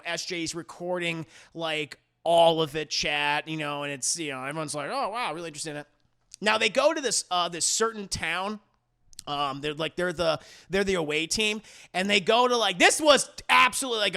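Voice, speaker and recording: Gravelly, high-voiced rambling male streamer. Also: sharp tone. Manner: rambling and profane, full of fillers. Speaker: streamer reviewing a movie. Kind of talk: casual chat with a live chat.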